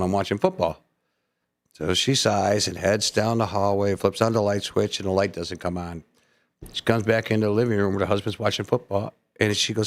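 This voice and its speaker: A man's voice: on the low side, fairly quick. A man co-hosting a morning radio show, talking into a studio microphone. He rambles through long stories and jokes, acting out the voices and laughing easily. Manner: rambling storyteller, laughs often, acts out voices. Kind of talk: casual on-air banter and joke telling.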